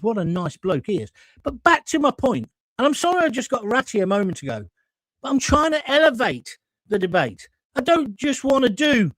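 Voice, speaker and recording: A man's voice: high voice, a bit bright, no room sound, rough recording. A man from England hosting a live call-in stream, ranting indignantly, sometimes swearing and getting heated as he reads viewer comments. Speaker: host of live call-in show. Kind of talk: opinionated live-stream monologue.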